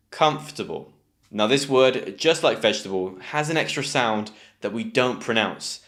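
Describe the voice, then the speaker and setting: A man's voice: mid-range voice, a bit bright. A man with a British accent teaching English pronunciation, enunciating carefully and encouraging learners to repeat words. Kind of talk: scripted online lesson.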